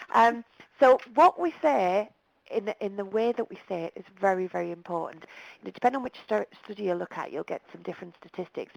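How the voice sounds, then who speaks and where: A woman's voice: mid-range voice, creaky, low-quality recording. A woman presenting a webinar over the telephone, talking in a direct, plain-spoken and emphatic way. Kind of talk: live webinar talk.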